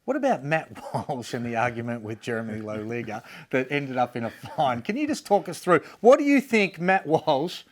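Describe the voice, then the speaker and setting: A man's voice: mid-range voice, sing-song, normal speed, hardly any pauses. A man co-hosting a basketball chat show, enthusiastic and opinionated. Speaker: co-host. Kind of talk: casual sports chat.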